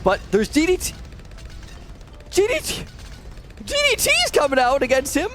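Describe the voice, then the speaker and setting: A young man commentating his gameplay, swinging between low mutters and high, alarmed shouts. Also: wildly swooping pitch, moderate pace, over music. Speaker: gaming commentator.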